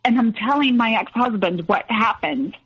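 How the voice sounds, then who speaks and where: A woman guest recounting a personal story in a hesitant, halting way. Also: on the high side, gravelly, fairly bright tone, slightly rough, dull audio. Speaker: podcast guest.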